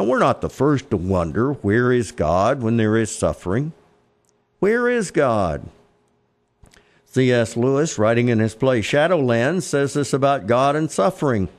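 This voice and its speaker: Texan guy preaching, slow stressed phrases, medium pitch. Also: a little mellow. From Texas. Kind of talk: sermon with scripture readings.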